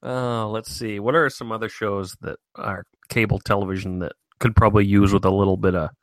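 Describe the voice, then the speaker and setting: Podcast co-host, male, thirties, low voice, laid-back, dry close sound. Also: little pitch movement, fairly quick, no echo. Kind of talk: casual chat.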